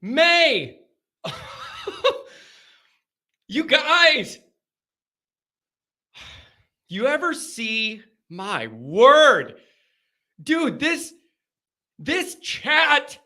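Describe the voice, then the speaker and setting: A man hosting a live call-in chat, rambling and excitable with frequent laughs. His voice sits high and swings widely in pitch. He talks in an unhurried way with a bright, sharp edge. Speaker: host of a fan call-in show.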